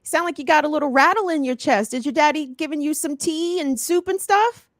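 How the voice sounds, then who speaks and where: A woman's voice: high-pitched, brisk, dry recording, clean studio sound. A woman co-hosting a morning show in casual, teasing banter, laughing often. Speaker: co-host.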